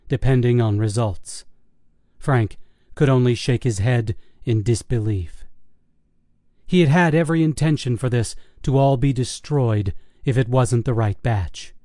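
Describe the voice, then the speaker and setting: Brief: male audiobook narrator, dark mellow tone, dry close recording, steady delivery. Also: medium pitch, dry recording. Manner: steady, measured storytelling. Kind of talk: scripted horror audiobook narration.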